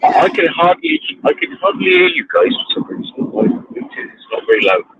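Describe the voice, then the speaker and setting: A man's voice: sits high, wildly swooping pitch, brisk, gravelly, noisy background. A man, ranting in casual chat while driving his car, swearing freely. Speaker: livestream host. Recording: tinny phone line.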